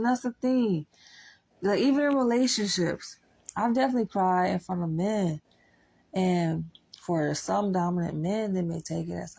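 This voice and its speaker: A woman's voice: fairly low pitch, takes it slowly, creaky, darkish tone, husky, poor audio. A woman vlogging a candid personal monologue, blunt and profane, laughing often between points.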